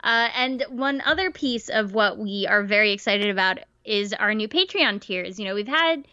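A woman's voice: medium pitch, animated, normal speed, pushed and bright, clear, resonant tone, no room sound, highs cut off. A woman co-hosting a podcast in casual chat, talking chattily with many fillers. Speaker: podcast co-host.

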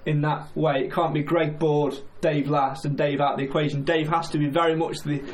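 A man's voice: a little high, flat delivery, brisk. A man co-hosting a casual football chat, joking and laughing between points. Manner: chatty, jokey, laughs often. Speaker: podcast co-host. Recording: faint background noise.

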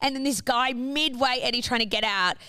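Aussie girl in her 20s chatting fast, lots of swearing, acts out what people said, smooth voice. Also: high voice, dry recording, studio quality. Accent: Australian. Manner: animated, swearing, acts out quotes. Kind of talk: casual storytelling chat.

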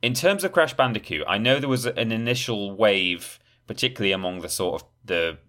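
Deep-voiced man chatting about games. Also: animated, brisk, pushed and bright. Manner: conversational, with frequent fillers and sighs. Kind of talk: casual chat about video games.

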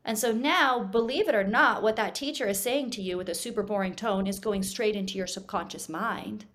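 A woman hypnotherapist, a guest on a studio podcast, explaining her work in an animated, teaching manner, swinging her loudness up and down to make points. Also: medium pitch, fairly quick. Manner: animated, explanatory, shifts volume to demonstrate.

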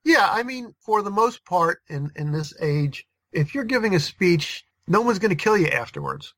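A podcast guest chatting casually, halting and restarting often, with some dry humor. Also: medium pitch, animated, fairly bright tone, no echo. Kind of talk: casual conversation.

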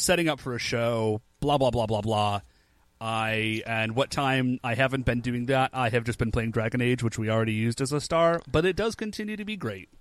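A young man co-hosts a podcast, chatting casually in a relaxed way and dropping "like" into his speech often. His voice sits in the mid range, with no echo.

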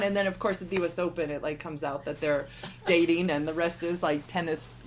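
A woman in her forties tells a story on a podcast, casual and animated. She acts out other people's lines as she goes. Her voice sits somewhat low for a woman. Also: brisk, a little hiss or hum. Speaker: podcast guest.

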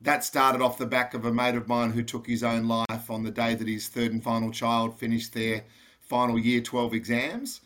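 A man's voice: mid-range voice, flat delivery, normal speed, a bit bright. Passionate Australian man, direct talk. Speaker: podcast guest, charity founder. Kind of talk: casual interview talk.

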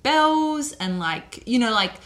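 A woman hosts a relaxed conversation, walking her co-host through an old story. Her voice is bright and a little high, and she talks loosely, with fillers and quick laughs. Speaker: podcast host telling a history story. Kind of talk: casual storytelling chat.

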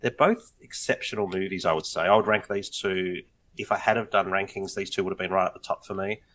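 A man's voice: low voice, a little fast, fairly bright tone, low-quality recording. A man, co-hosting a podcast in casual chat, upbeat and teasing. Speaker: podcast co-host.

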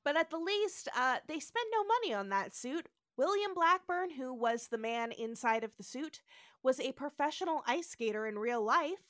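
Bright high-voiced woman podcaster, goes all over the place pitch-wise, dry close mic. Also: moderate pace, no echo. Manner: laughing, animated storyteller who acts out quotes. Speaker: podcast co-host. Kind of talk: casual chat.

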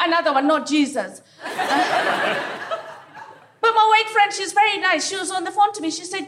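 A woman from Africa performing a live stand-up set, with punchy, teasing delivery and pauses for laughs. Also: very high-pitched, animated, sharp tone, slight background noise. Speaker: stand-up comedian. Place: comedy venue stage before a live audience. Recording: live room with audience laughter.

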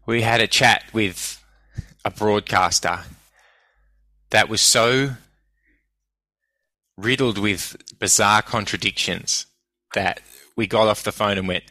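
Bright, sharp-edged Australian man. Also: lowish voice, takes it slowly, pauses often, low-quality recording. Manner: animated, ranting, swears freely. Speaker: guest, comedian and broadcaster. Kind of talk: casual interview chat.

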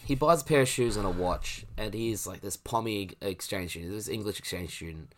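A man's voice: lowish voice, a little fast, a crowd in the background. A man co-hosting a casual podcast, telling a story and getting worked up as he rants. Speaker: podcast co-host.

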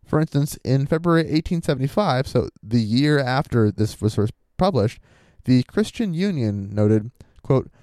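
Reading out his sources as he goes, a male podcast co-host narrates a story casually, dropping sarcastic, wry remarks. The dry, close-miked sound carries his animated, mellow voice, which ranges widely in pitch at a moderate pace.

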